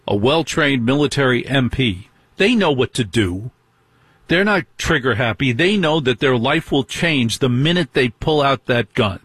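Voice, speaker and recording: A man's voice: medium pitch, fairly bright tone, breathy edge, no room sound. A middle-aged man hosting a talk radio show, delivering an indignant monologue full of rhetorical questions.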